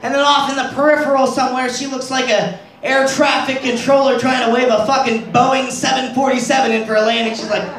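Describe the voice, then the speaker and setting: A man's voice: extremely high pitch, level tone, fairly quick, fairly bright tone. Crude self-deprecating man doing stand-up. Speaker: stand-up comedian. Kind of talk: stand-up comedy. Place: comedy club stage. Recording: roomy club sound from far off.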